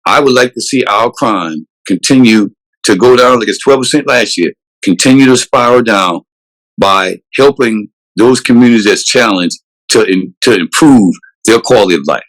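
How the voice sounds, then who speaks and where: A man's voice: fairly low pitch, normal speed, low-quality recording. A man, a police chief answering interview questions earnestly and emphatically, often restarting his sentences. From South Carolina, USA.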